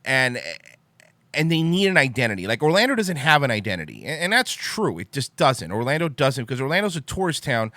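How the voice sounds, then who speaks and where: A man's voice: medium pitch, sharp tone, no echo. A man hosting a talk show, ranting angrily with heavy swearing and then apologizing. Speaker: podcast host.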